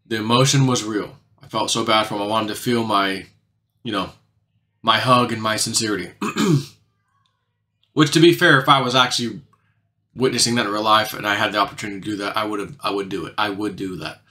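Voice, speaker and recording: A man telling a long story in a casual monologue, rambling with lots of filler words and often dropping his voice lower and quieter for emphasis. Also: a little fast. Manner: rambling, heavy on "you know" fillers, drops quieter for emphasis. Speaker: channel host recounting a dream.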